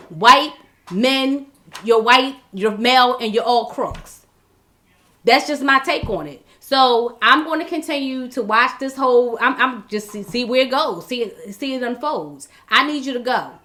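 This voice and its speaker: Woman host, fairly high bright voice, blunt off-the-cuff commentary, stumbles and repeats herself. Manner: blunt, exasperated, many restarts and repeated words. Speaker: vlog host. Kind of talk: casual political commentary.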